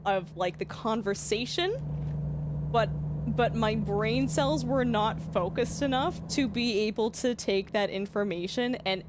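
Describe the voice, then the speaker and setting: A woman's voice: a little high, a little slow, noisy background. A young Canadian woman chatting casually to her stream while playing a game, often checking how she says place names. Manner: chatty, laughing, questioning her own pronunciation. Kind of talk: casual livestream chat while gaming.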